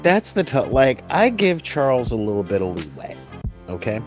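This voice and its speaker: A man's voice: medium pitch, very animated, moderate pace, faint music behind. A man guesting on a casual fan chat, teasing his host and laughing easily.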